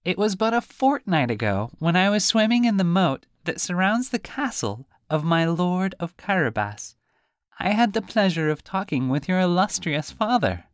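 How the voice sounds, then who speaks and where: A man doing a high genteel silverfish. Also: big pitch swings, moderate pace, smooth, no echo, studio quality. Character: chatty silverfish, polite and fancy.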